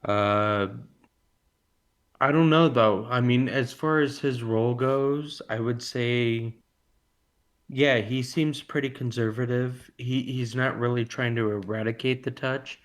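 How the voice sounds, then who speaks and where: Slow, rambling man chatting on a podcast. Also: medium pitch, fairly even intonation. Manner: rambling, jokey, loses his train of thought. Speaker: podcast co-host. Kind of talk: casual film podcast chat.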